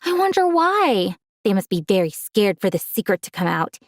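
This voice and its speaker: A woman voicing a spiteful, jealous teenage girl cousin in a storytime narration, with a shrill, mocking manner. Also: expressive, fairly quick, no room sound, studio quality.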